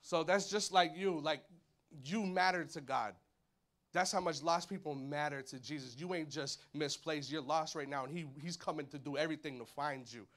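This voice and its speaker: A man's voice: a little high, moderate pace. A man in his thirties preaching in a church, talking casually with slang and acting out the voices of people in his stories. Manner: animated, acts out voices, colloquial slang. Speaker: pastor. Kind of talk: sermon. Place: church hall.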